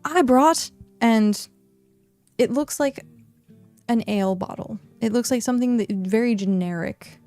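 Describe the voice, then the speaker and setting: A young woman acts as game master for a tabletop role-playing game, narrating scenes with lots of energy and frequent asides. Her voice is medium in pitch.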